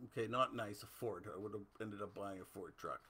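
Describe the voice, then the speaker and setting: A man's voice: fairly low pitch, brisk, pushed and bright, husky. A middle-aged man from Canada hosting a casual livestream, chatting loosely and answering viewer comments. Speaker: host.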